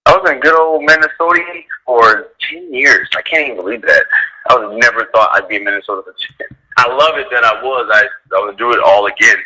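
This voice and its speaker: Male radio guest, dog trainer; bright, cutting tone; casual, rambling, animated storyteller. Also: quick pace, rough recording. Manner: animated storyteller, heavy use of "like", acts out quotes in a higher voice.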